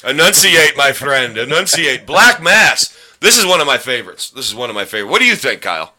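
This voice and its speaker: A man hosting a relaxed podcast with a bright, sharp voice that swings up and down as he talks. He rambles, jokes and tends to trip over his words while he keeps the chat going. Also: mid-range voice, fast talker. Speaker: podcast host. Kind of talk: casual chat.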